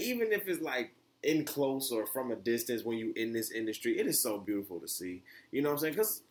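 Male solo podcast host from the US, loose and rambling, full of restarts, with a voice that leaps upward when he gets fired up. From United States. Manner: rambling, animated, many fillers and restarts, voice jumps high when excited. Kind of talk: casual solo podcast monologue.

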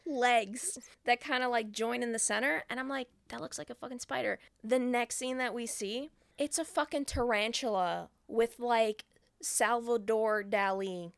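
Woman, podcast co-host, casual profane recap, fairly high voice. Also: unhurried, clean tone, no room sound, clean studio sound. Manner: profane, animated retelling with acted quotes. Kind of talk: casual movie recap chat.

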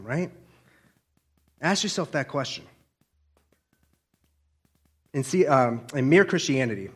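A man preaching a sermon earnestly, putting direct questions to the listener and dropping his voice for quieter asides. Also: medium pitch, breathy edge.

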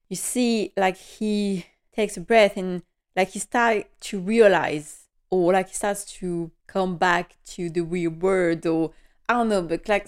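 Female podcast host, casual recap, emotional and animated, mid-pitched voice. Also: smooth. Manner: animated and emotional, with nervous laughter.

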